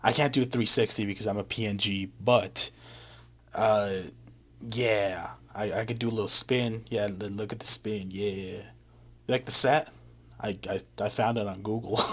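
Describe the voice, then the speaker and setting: A man's voice: on the low side, fairly even intonation, unhurried, a bit bright. A young man giving blunt, self-mocking commentary as a music reviewer in a casual vlog.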